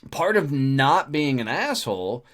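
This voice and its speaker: Blunt, animated man talking frankly. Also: medium pitch, measured pace. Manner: blunt, earthy and self-deprecating. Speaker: podcast host. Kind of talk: candid conversational talk.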